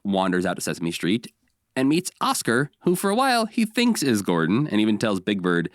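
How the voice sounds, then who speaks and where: A man with a fairly low voice walks through episode recaps in a casual podcast chat. He tells it with energy and now and then slips into quick character voices. The recording is close and dry, with no room sound. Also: huge pitch swings, no echo. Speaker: podcast co-host.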